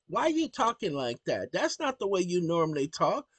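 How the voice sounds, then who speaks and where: A man hosting his own channel, talking to viewers in an animated, exclaiming, colloquial way. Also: sits high, normal speed, few pauses, breathy edge, no echo. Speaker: channel host. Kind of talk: casual commentary to viewers.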